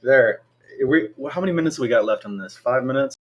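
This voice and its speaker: A man's voice: medium pitch, animated, a little fast, muffled recording. A man hosting a live trading stream, chatting casually and upbeat about his trades.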